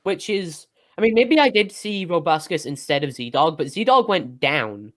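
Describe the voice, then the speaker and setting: A man's voice: on the high side, sing-song, a little slow, a bit bright. Hesitant man reasoning on a game call. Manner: hesitant, lots of ums while reasoning. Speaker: gamer in a group voice chat. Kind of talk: casual gaming chat.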